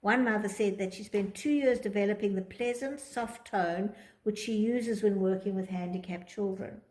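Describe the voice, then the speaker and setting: A woman teaching a class in a room with a lot of echo, her voice pitched in the middle range. She talks quickly and lively, and she acts out the thoughts she quotes in different tones. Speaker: teacher of Torah psychology. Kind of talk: class talk reading and explaining a text. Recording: echoey room.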